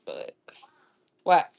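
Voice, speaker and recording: A middle-aged woman from Florida chatting casually while cooking in her home kitchen, laughing often and sometimes dropping to a soft half-whisper. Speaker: live-stream cooking host.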